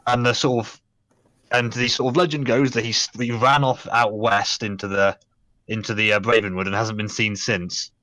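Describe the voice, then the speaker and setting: Halting young male game master. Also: on the low side, flat delivery, sharp tone, dry recording. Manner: hesitant, many fillers. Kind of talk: narrating a tabletop game.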